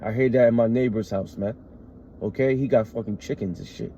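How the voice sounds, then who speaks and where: A man's voice: medium pitch, fairly even intonation, a little fast, mellow, highs cut off, a little hiss or hum. A man teaching scripture in an emphatic way. He reads verses aloud, then explains them, often adding "all right" and "man". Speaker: street preacher.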